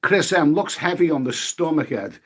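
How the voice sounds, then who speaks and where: Husky chatty man on a live stream. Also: a little high, lively intonation, normal speed. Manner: chatty, eats while talking, swears mildly, reads viewer names aloud. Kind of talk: casual live-stream chat reading comments.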